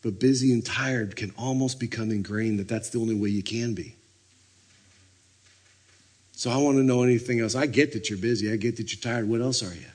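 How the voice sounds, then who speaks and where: Husky male preacher telling stories. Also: medium pitch, a little fast. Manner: animated storytelling, acting out scenes. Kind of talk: sermon.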